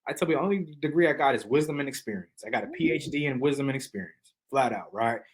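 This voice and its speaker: A man who is a podcast guest and motivational speaker, telling stories in a lively, slangy, preacher-like way. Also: medium pitch, fast talker, rough recording. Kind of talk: energetic storytelling in casual chat.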